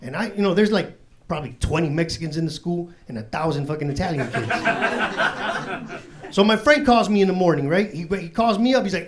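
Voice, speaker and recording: On a comedy club stage, a man from Chicago, USA, tells profane, slangy street stories in his stand-up set. His voice sits high, expressive and brisk, recorded live with a loud crowd laughing in the background.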